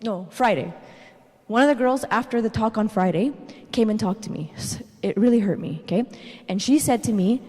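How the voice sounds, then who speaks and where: A woman in her thirties giving a parenting talk at a church, telling animated personal stories and tagging her points with "okay?". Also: fairly high pitch, moderate pace. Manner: animated storytelling, tags lines with "okay?". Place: church hall. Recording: reverberant church hall.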